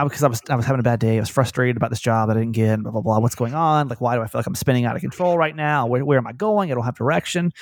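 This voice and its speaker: A man hosting a podcast in casual chat, candid and rambling, with animated retellings. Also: medium pitch, gravelly, no echo, clean studio sound. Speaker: podcast host.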